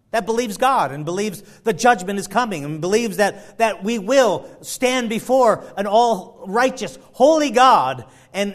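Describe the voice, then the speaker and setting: A man preaching a sermon, quoting scripture and swinging between loud urgent pleas and hushed, quiet passages, often stumbling over and repeating words. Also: high-pitched. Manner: quotes scripture in King James wording, stumbles and repeats words.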